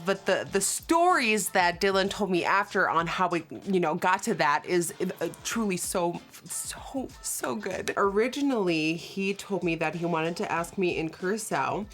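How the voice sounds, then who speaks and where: Girl in her 20s doing makeup and telling a story, animated, faint music behind. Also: medium pitch. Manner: animated, acts out quotes, fast asides. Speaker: beauty vlogger.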